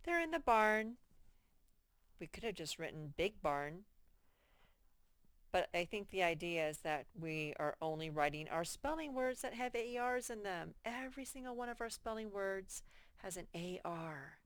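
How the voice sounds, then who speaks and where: A woman teaching a first grade reading lesson, slowly sounding out words in a patient way. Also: lowish voice, lively intonation, no echo. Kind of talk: reading lesson for young children.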